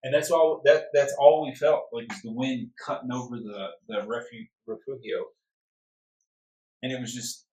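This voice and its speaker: A man's voice: medium pitch, animated, moderate pace, a little mellow. A man in frank, joking casual chat, recalling a climb with a friend. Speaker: host recounting a climb. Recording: roomy, distant mic.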